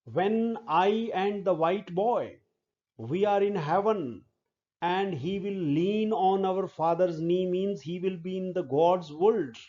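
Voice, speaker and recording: A man lecturing on a poem, explaining it slowly and step by step and often repeating words. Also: sits high, darkish tone, lo-fi sound. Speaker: literature lecturer.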